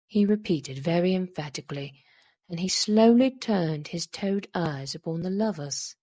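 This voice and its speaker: A woman reads a classic horror story aloud in a measured, dramatic way. Her pace is unhurried and her voice is dark and mellow, with a husky, breathy edge. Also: on the low side. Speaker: audiobook reader. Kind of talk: scripted horror story reading.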